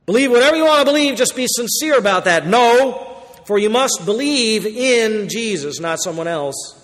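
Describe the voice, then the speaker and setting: A man preaching a sermon as pastor, emphatic, moving between loud declarations and quiet asides. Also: sits high, lively intonation, moderate pace, long reverb tail.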